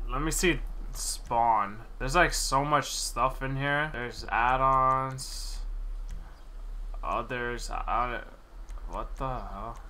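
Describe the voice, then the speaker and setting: A young man streaming gameplay, chatting casually and excitedly with slang and frequent laughs. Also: mid-range voice, slight background noise.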